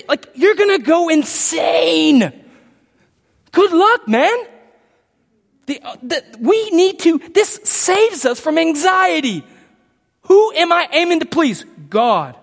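A man preaching a sermon as pastor, emphatic, with loud outbursts and quiet asides. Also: high-pitched. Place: church sanctuary. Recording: long hall reverb.

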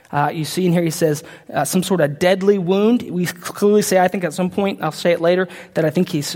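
A man preaching a sermon as pastor, impassioned, swinging from loud emphatic peaks down to low quiet asides. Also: big-room sound.

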